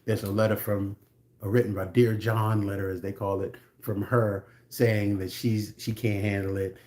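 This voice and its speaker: A man's voice: fairly low pitch, level tone, normal speed, a little mellow. A man reviewing a film, retelling the plot in a casual, blunt way with frank asides.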